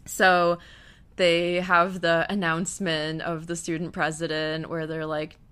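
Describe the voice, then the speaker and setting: A young woman talks through a show's episode in a casual, gushy way, swinging from hushed asides to loud outbursts. Her voice is bright and crisp, sitting a little low for a woman. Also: little pitch movement, measured pace. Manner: gushing, emotional, swings between hushed and loud. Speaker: TV recap vlogger.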